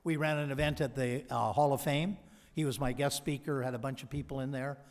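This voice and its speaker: Man, convocation speech, energetic storytelling, long hall reverb. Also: medium pitch, fairly quick. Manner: energetic storyteller who acts out quoted dialogue. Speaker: honorary doctorate recipient giving a convocation address. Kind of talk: anecdotal motivational speech.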